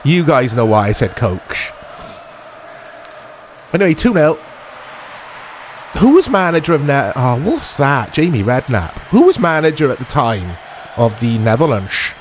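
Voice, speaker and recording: A man hosting a gaming channel, chatting and joking through a let's play, laughing often and bursting into excited play-by-play. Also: medium pitch, measured pace, long pauses, slight background noise.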